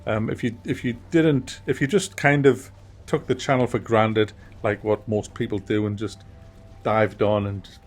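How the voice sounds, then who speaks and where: Husky man chatting casually. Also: fairly low pitch, fairly even intonation, normal speed. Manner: rambling, frequent restarts and mild swearing. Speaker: gaming channel host. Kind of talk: casual monthly update chat. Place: home office.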